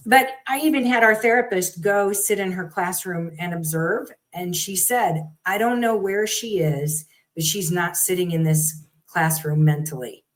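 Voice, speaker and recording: Animated middle-aged woman telling a story. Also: lowish voice, a little slow, few pauses, rough recording. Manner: animated, acts out quoted people. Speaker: guest parent. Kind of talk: conversational storytelling.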